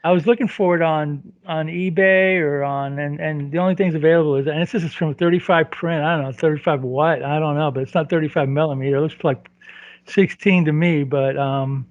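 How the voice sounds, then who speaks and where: A man's voice: fairly high pitch, steady tone, a little fast, dry recording, highs cut off. A man co-hosting a casual movie review podcast, rambling and jokey with frequent chuckles. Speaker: podcast co-host.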